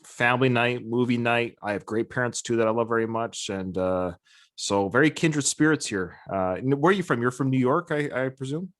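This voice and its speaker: Host: man, mid-pitched voice, eager and rambling in conversation. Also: normal speed, fairly bright tone. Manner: enthusiastic, rambling, many restarts. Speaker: podcast host. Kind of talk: casual podcast interview.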